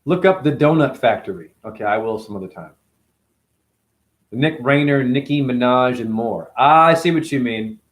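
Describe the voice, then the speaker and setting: A man's voice: mid-range voice, animated, normal speed. A man hosting a casual livestream, reading viewer comments aloud and rambling in loose, slangy talk.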